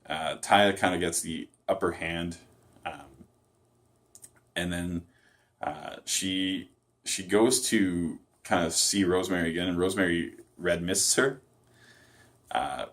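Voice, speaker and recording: Guy with a deep low voice recapping wrestling, lots of ums and uhs, kinda loose and offhand. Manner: rambling, many fillers and self-corrections. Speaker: wrestling show reviewer. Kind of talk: casual solo review recap.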